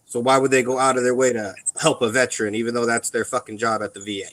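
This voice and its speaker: A man's voice: medium pitch, level tone, fast talker, fairly bright tone, low-quality recording. A man in casual chat about being a veteran, talking bluntly with plenty of ums and curses. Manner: rambling, blunt and profane, with many ums. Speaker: veteran on a live radio chat.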